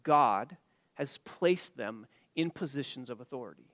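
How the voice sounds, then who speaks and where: A man preaching an expository sermon to his church, stressing key words loudly and then dropping his voice low, with some stammering restarts. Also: expressive, measured pace, no echo. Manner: emphatic, rising to loud stresses then dropping quiet. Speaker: pastor.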